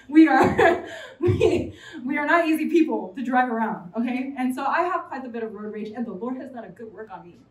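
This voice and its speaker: High-voiced young woman preaching from afar. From New York City. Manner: animated, chatty, jokes with the audience. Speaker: preacher at a college fellowship. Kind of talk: sermon. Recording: roomy sound from a distant mic.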